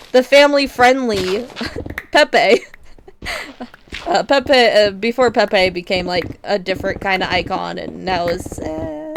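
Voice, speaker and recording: A woman streamer chatting casually while playing a block-building game, rambling with lots of fillers and frequent giggles. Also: medium pitch. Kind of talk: casual gaming stream chat. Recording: audible background noise.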